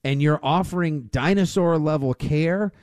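A man's voice: fairly high pitch, normal speed, a little mellow, no room sound, clean studio sound. A man co-hosting casual sports radio chat, sarcastic and riffing with jokes and mock quotes. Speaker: sports talk co-host.

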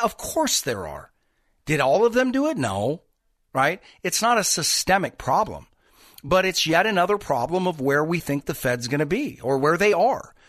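A middle-aged man hosts a financial talk radio show and talks his listeners through market news with a lively, up-and-down delivery. His voice sits a little high for a man. The sound is close and dry, with no room echo. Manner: animated, conversational, addresses listeners as guys.

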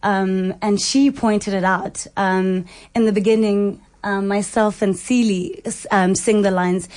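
A woman stage actress answering interview questions eagerly, with many pauses and restarts. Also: mid-range voice, steady tone, a little mellow.

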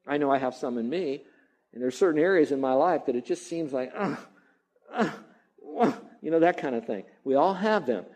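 A man's voice: mid-range voice, quick pace, a little mellow, low-quality recording. A man preaching a sermon as a pastor, emphatic and repetitive, now and then mimicking grumbling.

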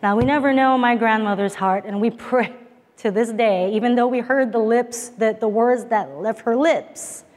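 A woman preaching a sermon, telling a family story in a slow, earnest, emphatic way. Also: a little high, a little mellow. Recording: long hall reverb.

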